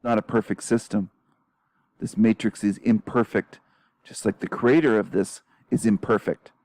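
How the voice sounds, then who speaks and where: Low dark-voiced confrontational male commentator. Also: fairly even intonation, moderate pace. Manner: confrontational, repeating rhetorical questions. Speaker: commentary channel host. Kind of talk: commentary on played clip.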